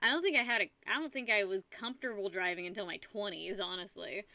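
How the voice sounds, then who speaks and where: A young adult woman streams live and chats casually with her viewers, telling a rambling, animated story and laughing often. Her voice is mid-range and fast, with no room sound in the recording.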